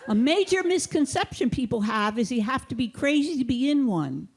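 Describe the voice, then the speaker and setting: A woman performing a stand-up comedy set on a theater stage, delivering her jokes with a deadpan, mock-authoritative manner into a handheld mic. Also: high-pitched, normal speed.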